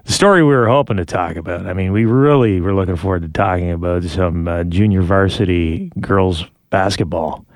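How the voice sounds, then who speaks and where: A man's voice: low-pitched, dry recording. Man, podcast host, casual chat, laughs easily, dry close sound. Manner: chatty, laughs easily, quick asides. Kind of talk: casual chat and news reading.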